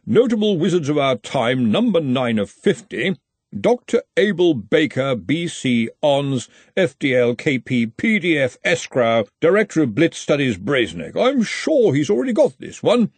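A man voicing a cheerful, genteel, self-satisfied rival wizard, pitched well above his own voice. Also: very animated, moderate pace, slightly rough, no echo. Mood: chirpy. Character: smooth, cheerful, smug rival male wizard.

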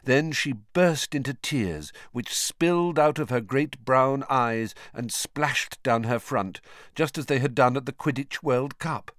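A man narrating an audiobook in an expressive storytelling manner. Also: mid-range voice, a little slow, no echo, clean studio sound. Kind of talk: scripted narration.

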